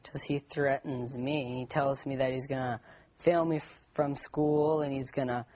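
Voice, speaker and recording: A man's voice: mid-range voice, fairly even intonation, unhurried, a little mellow. Defiant teen boy on a talk show, short sullen answers, muffled sound. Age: teens. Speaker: guest.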